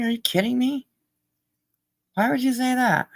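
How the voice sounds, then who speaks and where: A woman's voice: a little high, a little slow, creaky, no room sound. A woman hosting a livestream, chatting casually with her viewers and reading their comments. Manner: chatty, laughing, talks to chat while eating. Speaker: livestream host.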